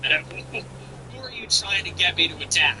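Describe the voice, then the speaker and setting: A man's voice: high-pitched, expressive, a little fast, background noise. A man hosting a livestream, chatting casually and ranting bluntly with frequent profanity. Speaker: livestream host.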